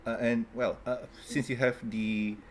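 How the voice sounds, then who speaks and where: A man's voice: mid-range voice, flat delivery, unhurried, slight background noise. A man playing a character in a tabletop role-playing game who thinks aloud and asks playful questions. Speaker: player.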